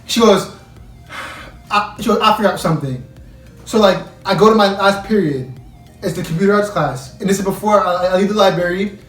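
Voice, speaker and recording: Young guy with a high voice rambling through a story, lots of "like", roomy echo. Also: brisk, a bit bright, soft background music. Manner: rambling, heavy use of "like", slangy. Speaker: storyteller vlogger. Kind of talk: casual story time. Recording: echoey room, mic at a distance.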